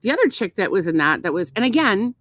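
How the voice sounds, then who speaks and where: A middle-aged woman co-hosting a podcast, telling stories in an animated, profane, casual way. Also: mid-range voice, fast talker, no room sound. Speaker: podcast co-host. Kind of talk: casual chat.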